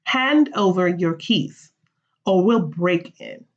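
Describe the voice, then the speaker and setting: A woman's voice: on the low side, animated, slow pace, pitched below the performer's own voice. A woman reading the part of a determined colonial woman making demands, in a slightly muffled recording.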